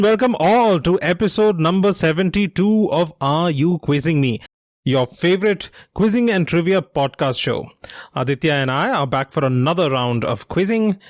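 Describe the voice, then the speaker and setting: A man co-hosting a trivia podcast, chatty and quick to laugh, who thinks out loud with many restarts. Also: a little high, no room sound, clean studio sound. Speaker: quiz podcast co-host. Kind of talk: casual quiz podcast chat.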